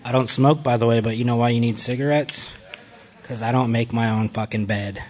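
A man's voice: mid-range voice, steady tone, a little fast, darkish tone. A man giving a candid personal testimony to a group, blunt, profane and self-mocking. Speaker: recovery speaker addressing a group.

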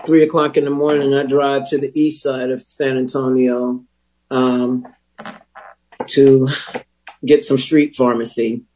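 A man telling his recovery story as a personal testimony, candid and wry, with emotional pauses. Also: medium pitch, little pitch movement, darkish tone, rough recording. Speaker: speaker sharing a recovery story.

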